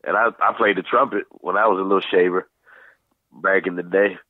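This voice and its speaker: A man in his fifties from Saint Louis, telling animated stories about his youth as a voice actor guest in an interview, dropping in quick voice impressions. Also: deep voice, no echo. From Saint Louis, USA. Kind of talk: casual storytelling interview. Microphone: phone call. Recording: tinny phone-line sound.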